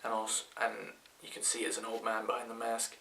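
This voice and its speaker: A man's voice: on the low side, completely flat delivery, brisk, pushed and bright. A man with a British accent giving a rambling, chatty movie review, full of fillers and restarts. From Britain. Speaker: film reviewer. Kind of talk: casual spoken movie review. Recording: echoey room.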